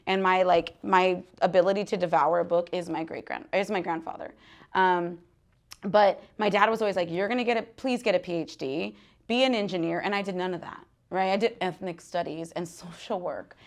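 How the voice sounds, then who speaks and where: A woman in her thirties talking candidly to an audience at a book talk, animated, laughing often and dropping to hushed asides. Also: lowish voice, fairly quick. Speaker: guest author speaking at a book talk. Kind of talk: casual live talk to an audience.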